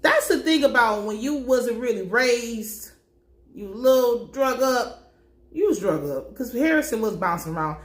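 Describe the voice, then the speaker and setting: Woman, fairly high voice, bold and profane recapper; roomy room sound. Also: a little slow. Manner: blunt, profane, animated storytelling. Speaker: TV recap commentator. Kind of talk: casual episode recap.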